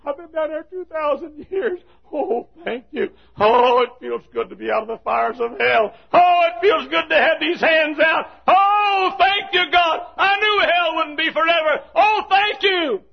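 A man voicing a tormented rich man in hellfire, shouting and pleading desperately. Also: extremely high pitch, measured pace, gravelly, hardly any pauses, voice pushed up, full character voice. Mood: overjoyed. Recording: dull lo-fi recording.

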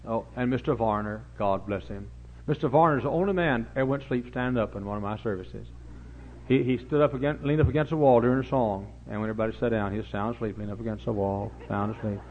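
A middle-aged man, preaching a folksy sermon full of rambling anecdotes and sudden loud emphatic bursts. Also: on the low side, a little fast. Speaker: pastor. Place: church service before a congregation. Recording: dull lo-fi recording with faint hum.

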